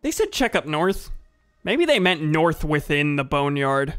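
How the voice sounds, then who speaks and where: A man's voice: fairly high pitch, very animated, unhurried, a bit bright, smooth. A young man casually commenting on a game he is streaming, wry and a bit rambling. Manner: wry, rambling, self-corrects.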